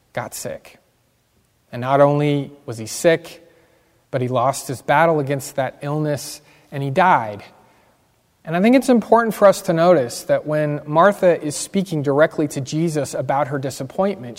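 A man preaching a sermon as pastor, earnest and emphatic, repeating key phrases. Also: fairly high pitch. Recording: long hall reverb.

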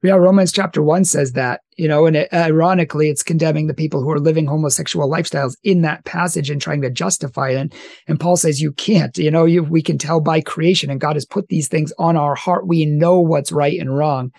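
A man's voice: fairly high pitch, steady tone, a little fast, vocal fry, a little mellow, dry recording, clean studio sound. A man hosting a casual talk, confidently quoting scripture. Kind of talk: casual podcast chat on faith.

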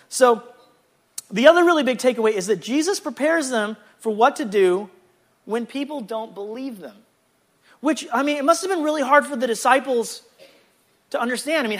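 A man teaching a casual Bible lesson in a chatty, animated way, with jokey asides. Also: very high-pitched.

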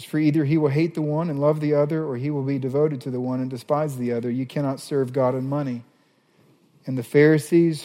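A man preaching a sermon as a pastor, animated, reading scripture passages aloud. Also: mid-range voice, fairly quick, big-room sound.

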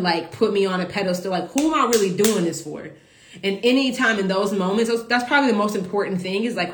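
A woman business coach in a casual live stream, talking emotionally to her followers, repeating herself and filling pauses with "like". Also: mid-range voice, reverberant. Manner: emotional, repetitive, full of filler "like".

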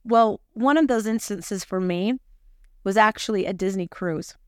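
A woman's voice: mid-range voice, a little slow, smooth, dry recording, studio quality. A woman hosting a gospel lesson podcast, mixing scripture with chatty, confiding personal stories. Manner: chatty, confiding, self-deprecating.

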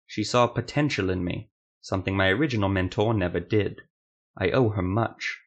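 An actor voicing a calm male sorcerer and swordsman who speaks slowly and deliberately. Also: sits low. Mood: measured.

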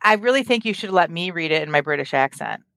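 A woman's voice: lowish voice, animated, fast talker, vocal fry, fairly bright tone. A woman hosting a writing stream who chats enthusiastically and reads out viewer comments, with plenty of fillers. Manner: chatty, enthusiastic, many fillers. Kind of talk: casual chat.

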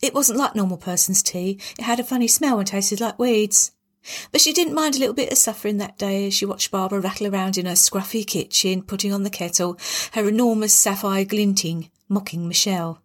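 A woman's voice: mid-range voice, brisk. A woman narrating a darkly comic story in a wry, dramatic way.

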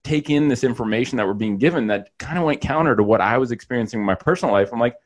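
A man's voice: medium pitch, expressive, rapid-fire. A man, a physiotherapist guest in a casual podcast chat, earnest and reflective, with the odd casual swear.

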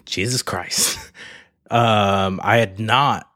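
Male co-host, deep and unhurried, amused reaction, dead-dry recording. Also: sharp tone, no room sound. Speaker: podcast co-host. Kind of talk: casual chat.

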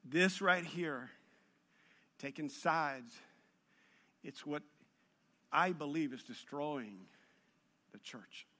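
A man preaching with a high, bright voice. He tells the story with humor, and his delivery keeps building in intensity as he goes. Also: very slow, long pauses. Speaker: pastor. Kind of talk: sermon.

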